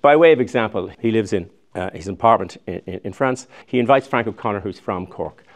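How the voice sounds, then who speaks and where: A man's voice: fairly low pitch, fairly quick. A man in his sixties giving a chatty, digressive public lecture, often restarting his sentences. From Ireland. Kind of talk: recorded public lecture with slides.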